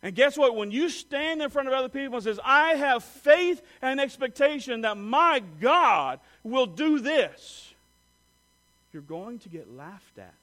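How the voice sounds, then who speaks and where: Male preacher, high-pitched, dynamic sermon delivery with big loud-to-hushed swings. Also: low-quality recording. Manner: asks the listeners direct rhetorical questions.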